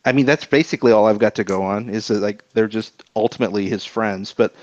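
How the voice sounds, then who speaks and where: A man's voice: on the low side, quick pace, no echo. Hesitant man on a lo-fi podcast mic. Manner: hesitant, many restarts and fillers. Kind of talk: casual podcast chat. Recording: dull lo-fi dry sound.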